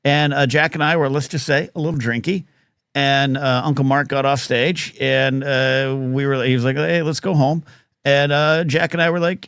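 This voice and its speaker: A man's voice: a little high, steady tone, normal speed, a bit bright, clean tone, dry recording, studio quality. A man hosting a live talk show, telling a rambling story full of fillers and restarts.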